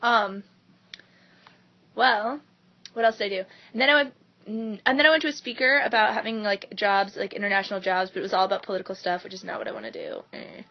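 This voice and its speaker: A woman's voice: mid-range voice, steady tone, brisk, dull audio. A young woman rambles casually to camera about her day, with a lot of filler words. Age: young adult. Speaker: vlogger. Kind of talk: casual vlog chat.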